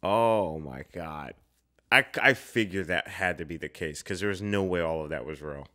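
A young man with a slightly low voice talks his way through a film reaction in a loose, casual way. He bursts out excitedly and laughs often. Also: moderate pace.

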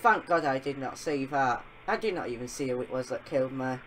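A young woman commenting on a horror game she is playing, excitable and often yelling at the characters on screen. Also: extremely low pitch, brisk. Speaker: gaming channel host. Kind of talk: let's-play commentary.

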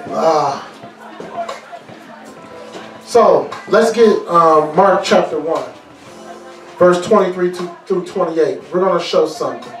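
A high-pitched man preaches deliverance with lively energy and humorous asides. His voice rings through a reverberant church hall, picked up from a distance with faint music underneath. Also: takes it slowly, pauses often, a faint crowd. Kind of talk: deliverance sermon. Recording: echoey room, mic far off, faint music.

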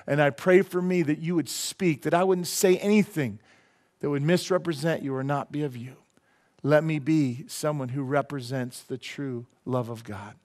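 Folksy preaching man, slightly high voice. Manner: casual, folksy preaching with quick asides. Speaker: pastor. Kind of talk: sermon. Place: church sanctuary.

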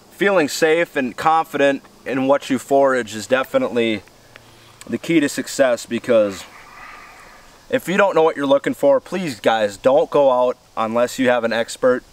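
A man hosting an outdoor cooking vlog, chatty and enthusiastic in a folksy way. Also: mid-range voice. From US Midwest. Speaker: outdoor show host. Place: outdoors near woods. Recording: distant outdoor mic, faint noise.

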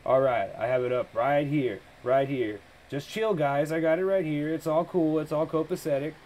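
A man hosting a podcast with a slightly high voice, riffing loosely as he reacts to a trailer. He is excitable, thinks aloud and swears in nearly every sentence. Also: moderate pace. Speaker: podcast host. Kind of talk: casual trailer reaction commentary.

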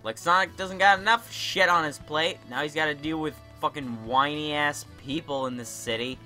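A man's voice: a little high, expressive, moderate pace, sharp tone, faint music behind. A young man giving profane, sarcastic let's-play commentary as a gaming YouTuber.

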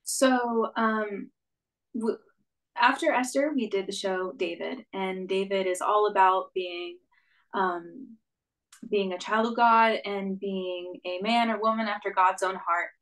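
A woman's voice: mid-range voice, slow, a bit bright, low-quality recording. A young woman, a stage actress, telling her story as a guest in an interview, earnest and reflective, with frequent "like" and "um". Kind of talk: conversational interview.

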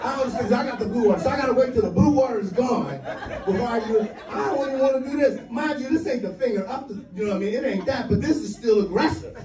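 A high-pitched man in his fifties from the US East Coast working a stand-up crowd with loose, profane, laughing tales. He sounds set back from the microphone in a roomy, echoing club, with a lively audience clearly heard behind him. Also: fast, far from the mic. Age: 50s. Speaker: stand-up comedian. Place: live comedy club with audience. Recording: roomy live stage mic, crowd.

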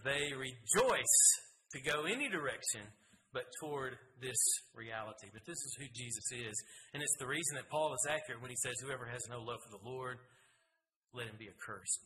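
A male pastor preaching a sermon in a church, emphatic, with rising bursts and quiet drops. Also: mid-range voice, slight background noise, low-quality recording.

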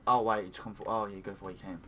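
Excitable swearing man narrating his gameplay. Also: lowish voice, very fast, a little hiss or hum. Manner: swears often, talks to himself, bursts into excited cries. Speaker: gaming commentator. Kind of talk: let's play commentary.

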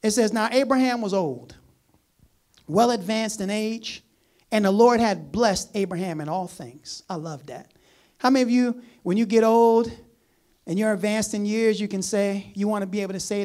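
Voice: mid-range voice, normal speed. Emphatic preacher repeating key phrases. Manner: reads scripture aloud between comments; swings between loud urgent lines and quiet asides. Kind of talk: sermon.

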